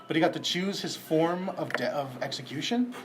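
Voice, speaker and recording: Forties male comic guest, slightly high pitch, loud profane storyteller. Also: normal speed, a little hiss or hum. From Canada. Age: 40s. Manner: profane, animated storyteller acting out voices. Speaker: guest comedian. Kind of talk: casual storytelling chat.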